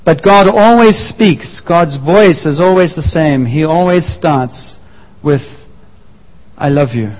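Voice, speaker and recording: Preaching man in a reverberant hall. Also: fairly high pitch. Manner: emphatic, repeats key phrases, slows for emphasis. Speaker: pastor. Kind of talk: sermon. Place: church hall. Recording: muffled sound with long church reverb.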